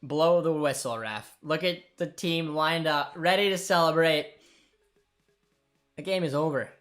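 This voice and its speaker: A young man hosting a live football watchalong, reacting with excitement and emotion and talking to his viewers. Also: fairly high pitch, unhurried, faint music behind. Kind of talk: live match watchalong commentary.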